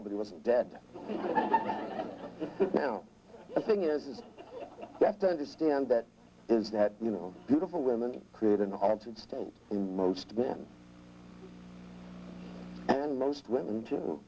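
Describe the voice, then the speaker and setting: A man's voice: medium pitch, expressive, a little slow, pauses often, dull audio, crowd noise. A man teaching a live seminar, rambling and restarting sentences, with irreverent jokes and asides. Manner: acts out voices in quotes. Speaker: seminar trainer.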